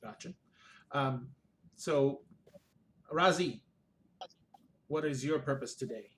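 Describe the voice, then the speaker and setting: A man narrating as game master over a video call, easygoing and relaxed. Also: mid-range voice, takes it slowly.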